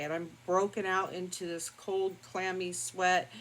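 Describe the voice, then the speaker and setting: Older woman, casual vlog story, unhurried, lowish voice, faint room hum. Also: rough recording. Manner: rambling, calm and matter-of-fact with frequent fillers. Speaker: beauty vlogger.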